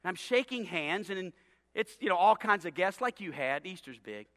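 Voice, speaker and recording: High-pitched pastor guy telling a story in his sermon, goes hushed then loud, big echoey church. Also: moderate pace. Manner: animated, repeats words, swings from hushed to shouting. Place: church sanctuary. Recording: long hall reverb in a church.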